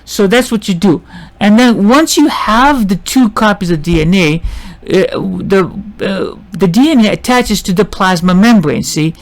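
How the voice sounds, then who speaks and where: Gravelly-voiced man lecturing haltingly. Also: sits high, lively intonation. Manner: halting, with many restarts and rhetorical questions; checks in with "see?" and "right?". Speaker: biology teacher. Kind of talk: informal classroom lecture.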